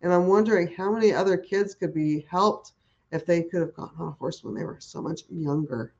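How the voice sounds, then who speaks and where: Brisk and darkish in tone, her fairly low voice carries eager, rambling answers packed with restarts and fillers. She is a woman who works with horses, a guest in a conversational interview recorded on dull lo-fi audio.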